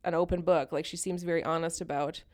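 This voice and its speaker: A woman's voice: deep voice, fast. Chatty woman co-hosting a podcast. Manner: relaxed, conversational, frequent fillers. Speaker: podcast co-host. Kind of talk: casual chat.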